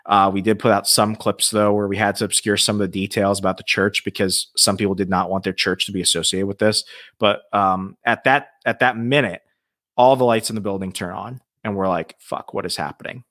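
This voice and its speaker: A man telling a ghost story as a podcast guest, lively and swearing freely. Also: on the low side, fairly quick. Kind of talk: casual storytelling.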